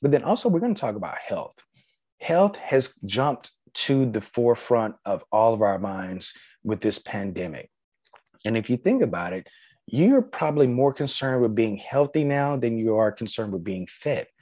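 A man's voice: medium pitch, very animated, moderate pace, mellow, no room sound, clean studio sound. A man hosting a podcast on his own, talking casually and encouragingly, with plenty of fillers. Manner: conversational, filler-heavy, encouraging. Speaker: podcast host. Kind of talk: casual solo podcast talk.

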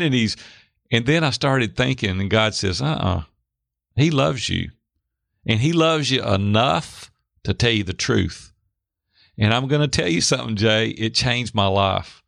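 A middle-aged man telling a personal story in an interview, lively, acting out the voices of the people in it. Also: fairly low pitch, measured pace, vocal fry, no room sound, studio quality. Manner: animated, acts out quoted voices. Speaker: guest. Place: Hendersonville near Nashville.

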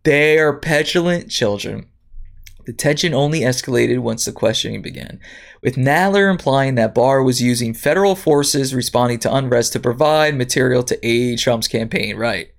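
A woman's voice: very deep voice, moderate pace, gravelly. A woman hosting a podcast, reading news items and answering them with indignant, sarcastic commentary. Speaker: podcast host.

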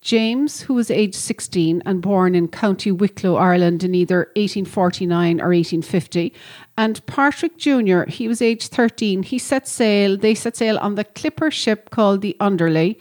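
A woman reading aloud a friendly letter from an Australian listener, in a plain, warm reading voice. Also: medium pitch, moderate pace, natural voice.

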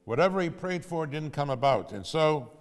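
A man voicing a proud, selfish castaway who insists loudly that his blessings are his alone. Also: on the low side, expressive, fast talker, in a large hall, faint music behind, close to an everyday voice. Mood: indignant.

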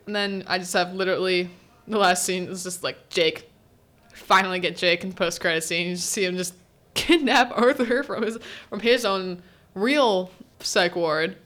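A woman's voice: fairly low pitch, moderate pace, fairly bright tone. A young woman hosting a student podcast, chatting casually through a show recap and laughing often as she quotes characters. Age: teens. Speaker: podcast host. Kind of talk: casual solo recap chat.

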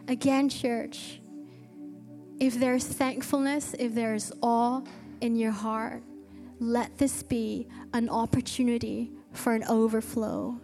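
A woman's voice: fairly high pitch, little pitch movement, slow, creaky, dark tone. A woman preaching a sermon to her church, telling an earnest story with eager restarts. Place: church hall. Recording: long reverb with faint music.

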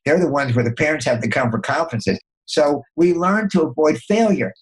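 An older man, a consultant and podcast guest, telling motivational stories in a lively way, often restarting and repeating words. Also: fairly quick, poor audio. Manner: animated, acts out inner dialogue with jumps in pitch. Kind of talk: motivational storytelling.

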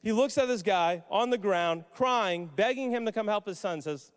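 A male pastor preaching a sermon, telling the story emphatically with pauses. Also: sits high, expressive. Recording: long hall reverb.

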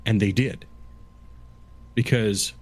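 A man in his fifties with a lowish voice, explaining history in casual conversation. He lectures in a halting way, restarting phrases and circling back. The delivery stays conversational and unscripted. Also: fairly even intonation. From Canada. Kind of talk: casual chat.

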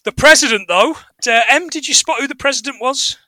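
A high, very bright man on a podcast, theatrical and full of jokes. His voice is dry and close, with no room around it. He talks in an animated way. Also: fairly quick, dry recording. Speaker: podcast co-host. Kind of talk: casual film podcast chat.

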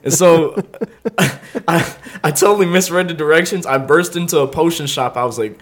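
A young man tells a wild story with an easy, laughing delivery and a voice that sits a bit high for a man. He keeps breaking into laughter and acts out quick voices for the people in his tale. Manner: animated, laughing often, acts out quoted voices. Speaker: podcast host. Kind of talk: casual comedic storytelling.

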